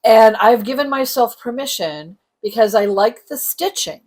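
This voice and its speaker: A woman's voice: on the high side, expressive, normal speed, darkish tone. A middle-aged woman co-hosting a casual craft chat with her grown daughter, teasing in a snarky, matter-of-fact way. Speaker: co-host, the host's mother.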